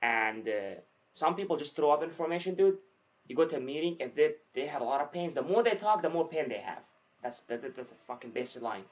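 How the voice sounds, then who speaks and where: Fast-talking young man, dull lo-fi sound. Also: a little high. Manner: swears freely, says dude often, animated storytelling. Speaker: podcast host, new salesman. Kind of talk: casual chat.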